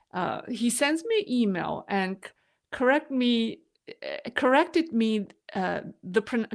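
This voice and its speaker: Slow-talking woman hosting a live stream. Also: fairly high pitch. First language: not English. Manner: chatty, laughs often, self-deprecating. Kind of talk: casual live-stream chat.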